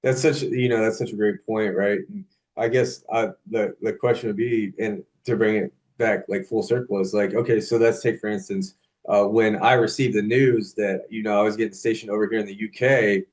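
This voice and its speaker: A man co-hosts a podcast in a casual, unscripted way. He winds into his question slowly, stopping and restarting, and his voice sits fairly low. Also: steady tone, a little mellow. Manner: halting, lots of fillers and restarts. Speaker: podcast co-host. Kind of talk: casual conversation.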